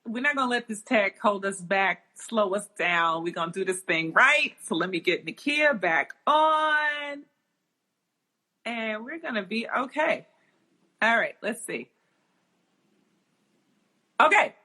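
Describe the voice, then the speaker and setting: A woman's voice: on the high side, expressive, slow pace, long pauses, bright, forceful tone. A woman hosting a live chat show over a video call, upbeat and reassuring in her manner. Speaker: host.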